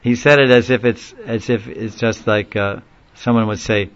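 A man's voice: on the low side, moderate pace, clean tone. Rambling man telling a story, lo-fi. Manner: rambling, laughs often, animated when quoting others. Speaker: speaker recounting a story in a class. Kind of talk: informal storytelling talk.

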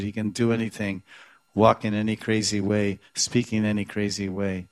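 A man's voice: on the low side, no echo. A man giving a devotional lecture, telling stories with acted-out quotes, chuckling often and sprinkling in Sanskrit and Hindi terms. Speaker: religious teacher.

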